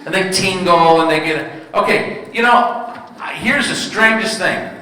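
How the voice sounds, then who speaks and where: In a big hall full of people, a stand-up comic in his fifties spins stories about home life and works the crowd. His voice is high, unhurried and sharp-toned, recorded from a distance with echo and slight background noise.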